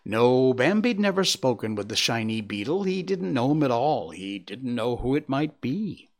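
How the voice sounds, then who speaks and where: A man's voice: unhurried, hardly any pauses. A man reading a children's story aloud, bringing the characters to life with a varied voice. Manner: lively, voicing characters with shifting pitch. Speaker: narrator.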